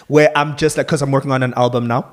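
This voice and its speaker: A South African man in his thirties, a musician co-hosting a casual chat, speaking haltingly with repeated words and frequent "you know"s. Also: mid-range voice, fairly even intonation. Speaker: co-host, musician.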